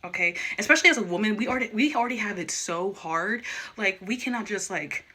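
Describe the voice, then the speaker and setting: Bright-voiced young woman ranting to camera. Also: medium pitch, expressive, fast talker, slightly rough. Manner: emphatic, repeats and restarts words when worked up. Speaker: vlogger. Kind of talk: candid personal vlog rant.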